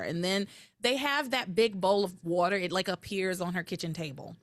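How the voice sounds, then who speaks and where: A woman co-hosting a podcast, recapping episodes in animated casual chat and acting out quoted lines. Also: on the low side, moderate pace, no echo. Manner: animated, recounting with quoted voices. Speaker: podcast co-host.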